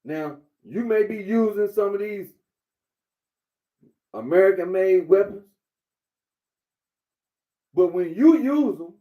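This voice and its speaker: A man's voice: high-pitched, animated, takes it slowly, pauses often, muffled recording. A man giving a blunt, repetitive monologue, lecturing the listener directly. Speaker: commentator. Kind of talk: casual monologue.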